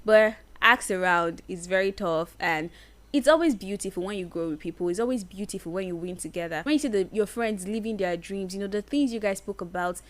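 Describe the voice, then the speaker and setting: A woman's voice: mid-range voice, a little fast. A woman hosting a solo advice podcast, speaking earnestly and stressing her points by repeating phrases. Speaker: podcast host.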